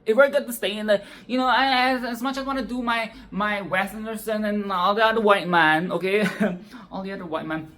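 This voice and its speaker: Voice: medium pitch, fairly even intonation, brisk, a bit bright. A film commentator in a casual monologue, sassy and profane, rambling with restarts and often asking "okay?". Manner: sassy, profane, tags "okay?" onto lines; rambling with frequent restarts and laughs.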